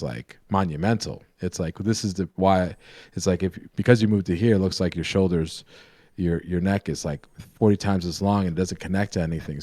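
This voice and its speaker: A man with a deep, low voice chats about art on a live painting stream. He explains in loose, winding sentences that keep restarting. The sound is close and dry. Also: mellow, dry recording. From New York. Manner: rambling, self-correcting explainer. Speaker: co-host, painter and drawing teacher. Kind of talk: casual live-stream chat.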